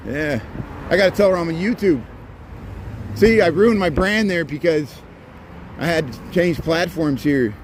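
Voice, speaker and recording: A man's voice: a little high, expressive, measured pace, long pauses. Chatty man streaming a city walk. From Indiana. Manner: rambling, chatty, greets passersby. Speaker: walking livestream vlogger. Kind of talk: casual running commentary while walking. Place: city street outdoors at dusk. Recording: outdoor street noise and traffic.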